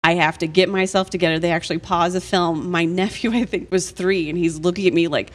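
A woman on a casual podcast panel, telling stories about films in an animated, emphatic way. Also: lowish voice, brisk, slight background noise.

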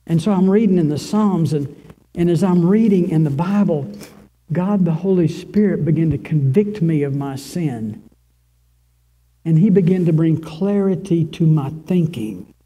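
A man in his sixties, a pastor, giving an impassioned sermon testimony, repeating phrases as he swings from soaring cries to hushed near-whispers. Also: fairly high pitch, low-quality recording.

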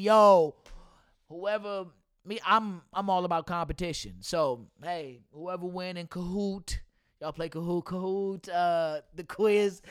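A young man chats loosely on a casual podcast, cursing freely and breaking into laughter. His voice sits high and comes through smooth and clear. The sound is close and dry. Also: unhurried, no echo. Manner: loose, profane, laughs often. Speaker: podcast host and substitute teacher.

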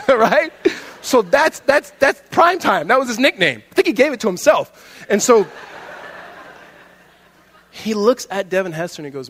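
A male pastor giving a conversational sermon, swinging between loud and hushed and laughing often. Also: high voice, very animated, normal speed, in a large hall.

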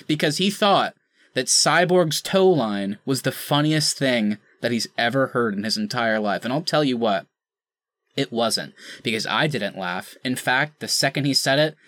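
A man co-hosting a podcast, talking in an animated, sarcastic and profane way. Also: medium pitch, measured pace, no echo. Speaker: podcast co-host. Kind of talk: casual podcast chat.

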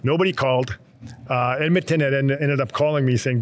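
A man who is a former hockey player, a podcast guest, telling old stories in a plain, relaxed way. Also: medium pitch, quick pace. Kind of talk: casual storytelling.

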